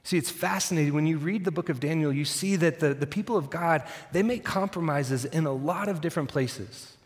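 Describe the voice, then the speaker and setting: A man preaches a sermon, retelling the story with dry humor and acting out the quotes. His voice sits a bit high for a man. It rings with the long reverb of a large church hall. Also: fairly quick. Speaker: pastor.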